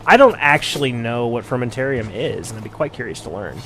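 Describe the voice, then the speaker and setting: A man's voice: mid-range voice, animated, fairly quick, background noise. Chatty man narrating a game playthrough. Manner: chatty, self-deprecating, laughs at his own tries. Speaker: gaming channel host. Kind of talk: casual let's-play commentary, reading game dialogue aloud.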